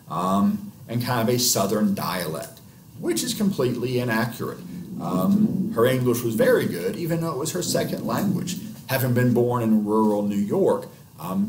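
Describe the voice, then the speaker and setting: A male history lecturer giving an unscripted class lecture, with many filler pauses. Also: on the low side, slight background noise. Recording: roomy echo, mic at a distance, faint ambience.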